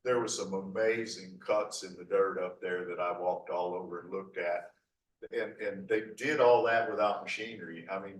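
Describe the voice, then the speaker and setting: Folksy low-voiced man lecturing in a hall. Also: slight background noise. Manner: folksy, rambling, full of 'uh' restarts. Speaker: local history lecturer. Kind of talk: slide lecture with asides. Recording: echoey hall from far off.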